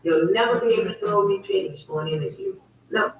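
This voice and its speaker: A woman with a medium-pitched, fairly quick voice hosts her own online talk show, delivering a casual livestream monologue that is emphatic, repetitive and heated as she tells a story. The sound is phone-quality, picked up by a distant mic in an echoey room with faint noise.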